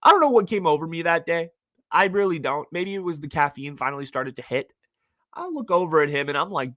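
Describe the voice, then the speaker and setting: A young man hosting a podcast, telling stories about college in an animated, casual way and saying "like" a lot. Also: on the high side, fairly quick, no room sound. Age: young adult. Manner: animated storytelling, heavy use of "like". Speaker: podcast host. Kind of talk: casual monologue.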